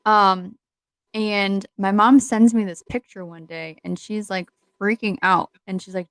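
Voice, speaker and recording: A woman's voice: mid-range voice, steady tone, measured pace, fairly bright tone, smooth, no echo, poor audio. A young woman co-hosting a podcast, chatting casually with a rambling, giggly manner and many fillers. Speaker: podcast co-host. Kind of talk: casual chat.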